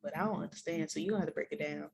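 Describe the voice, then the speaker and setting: A woman co-hosting a casual review podcast, riffing in a loud, animated, profane comic way. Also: low-pitched, rapid-fire, creaky, husky. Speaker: podcast co-host.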